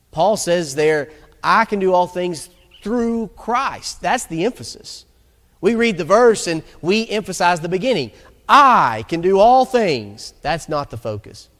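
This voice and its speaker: A man preaching a sermon in a conversational, emphatic way, often asking rhetorical questions. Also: fairly high pitch. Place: church sanctuary. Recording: long hall reverb.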